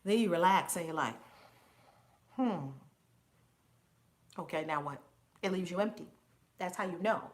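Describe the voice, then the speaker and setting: Speaking in a mid-range voice, a spiritual teacher runs a live stream in an animated, casual way. She laughs a lot and greets her viewers by name.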